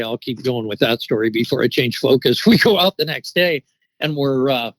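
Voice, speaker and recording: A man's voice: mid-range voice, a bit bright, no echo, low-quality recording. Middle-aged man telling a rambling story. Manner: rambling, with many restarts and "you know" fillers. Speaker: guest telling an encounter story. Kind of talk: casual storytelling.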